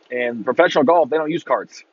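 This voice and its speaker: A man ranting casually on a podcast, swearing freely and breaking into loud mocking impressions of fans. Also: a little high, normal speed, muffled recording. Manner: profane, exasperated ranting with mocking shouted impressions. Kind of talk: casual rant.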